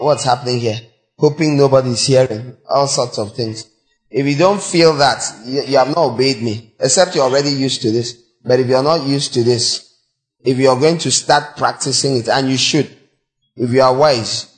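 A male pastor preaching a sermon, urging and questioning his listeners directly, with a voice that cracks when he reaches high notes. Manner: exhorting, breaks into high sung demonstrations.

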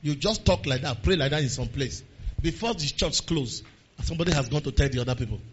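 A man with a Nigerian accent preaching a sermon to his church, moving between quiet talk and shouted prayer. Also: a little high, animated, fast, lo-fi sound, slight background noise. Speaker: pastor. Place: church service.

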